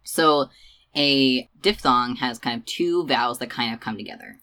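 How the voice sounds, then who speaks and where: A woman with a remarkably deep voice hosts a relaxed educational podcast. She explains ideas patiently and sometimes draws words out slowly to show how they sound. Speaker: podcast host. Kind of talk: casual educational chat.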